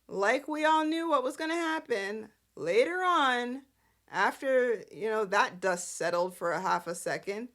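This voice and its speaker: A woman's voice: on the high side, lively intonation, measured pace, a bit bright. A woman hosting a casual recap show, chatty, sassy and exasperated. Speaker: host.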